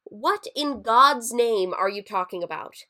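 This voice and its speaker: A woman's voice: medium pitch, sing-song, a little slow, fairly bright tone. A woman voicing a grieving, lonely man who talks bluntly and swears. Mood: alarmed.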